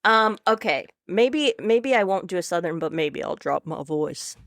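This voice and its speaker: A woman's voice: on the low side, moderate pace, a bit bright, no echo. A woman filling in as guest co-host on a podcast, speaking playfully and laughing often. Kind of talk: casual podcast chat.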